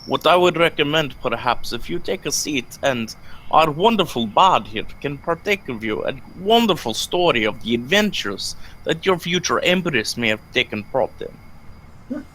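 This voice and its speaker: A man speaking in character in a formal, courtly manner. His voice sits a little high. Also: very animated, normal speed, pushed and bright, poor audio. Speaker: player. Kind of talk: speaking in character at a tabletop game.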